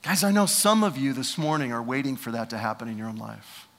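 A man in his fifties preaching a sermon as pastor, swinging between loud preaching and hushed asides. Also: mid-range voice, big pitch swings, a little fast, long reverb tail. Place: church.

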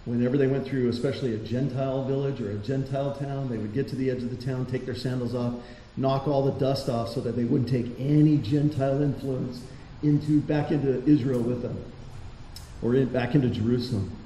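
A man's voice: medium pitch, fairly even intonation, fairly quick, mellow. A man preaching a sermon in a conversational way, asking his listeners rhetorical questions in a church hall. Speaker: pastor. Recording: roomy hall echo, faint noise.

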